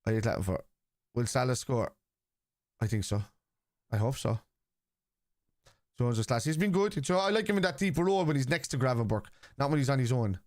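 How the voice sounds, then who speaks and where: A man's voice: medium pitch, animated, fairly quick, pauses often, no echo, clean studio sound. A man from Liverpool in casual live-stream chat, rambling and teasing commenters as he reads out messages during a football watchalong.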